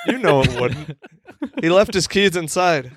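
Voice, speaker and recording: A man co-hosting a podcast in casual comedy chat, joking and excitable, swearing when worked up. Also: on the high side, unhurried, dry recording, studio quality. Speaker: podcast co-host.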